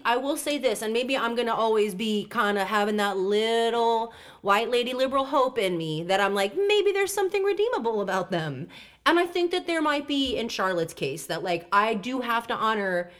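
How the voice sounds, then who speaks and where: A woman's voice: a little high, expressive, normal speed, few pauses, fairly bright tone. A woman co-hosting a podcast, chatting casually and profanely, full of playful asides and impressions. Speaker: podcast co-host. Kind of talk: casual recap chat.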